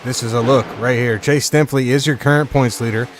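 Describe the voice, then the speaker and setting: Man, live-stream race commentator, casual chatty delivery, reads chat, average pitch. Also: fairly even intonation, fairly quick, background noise. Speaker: sim racing stream commentator.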